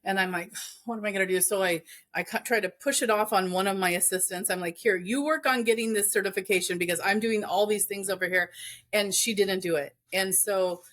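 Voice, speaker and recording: A woman's voice: mid-range voice, steady tone, fairly quick, a bit bright. A woman in her forties, a business owner, telling a story in a casual interview, earnest and full of faith, with plenty of fillers. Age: 40s. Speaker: entrepreneur guest.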